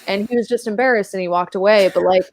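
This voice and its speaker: A woman's voice: medium pitch, fast talker, slight background noise. A woman as a podcast guest, telling stories in a chatty, casual way full of filler words. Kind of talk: casual storytelling chat.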